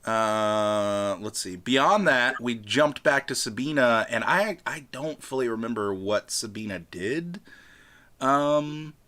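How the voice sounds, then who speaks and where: A man's voice: medium pitch, slow pace, bright, forceful tone. A man casually recapping a tabletop vampire campaign, rambling with many fillers and frequent swearing. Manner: rambling, profane, filler-heavy. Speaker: tabletop game player recapping.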